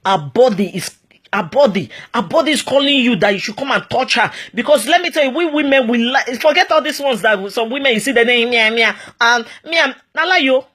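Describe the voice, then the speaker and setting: A woman with a Nigerian accent giving marriage advice in an animated monologue, emphatic and repetitive, full of exclamations and pidgin phrases. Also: a little high, brisk, husky.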